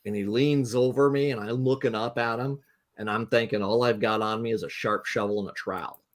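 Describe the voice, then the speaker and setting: A man's voice: mid-range voice, fairly even intonation, fairly quick. A man, a guest game designer, telling a rambling anecdote with lots of fillers on a casual live talk stream.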